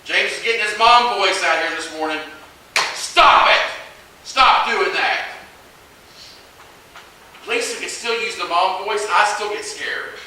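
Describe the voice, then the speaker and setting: A man preaching a sermon in a church in a conversational way, asking the congregation questions and moving between hushed and loud passages. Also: high-pitched, moderate pace. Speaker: pastor. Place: church sanctuary. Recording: echoey hall, distant mic, faint hiss.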